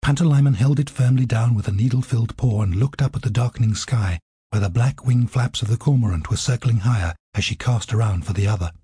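A man narrating an audiobook in a steady, vivid storytelling manner. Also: mid-range voice, brisk, husky, no room sound, clean studio sound.

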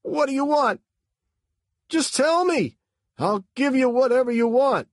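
Brief: man voicing a terrified male van driver in an audiobook, shrill, pleading, husky edge. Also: animated, slow, dry recording, clean studio sound, full character voice. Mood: panicked pleading. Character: panicked male delivery driver at gunpoint.

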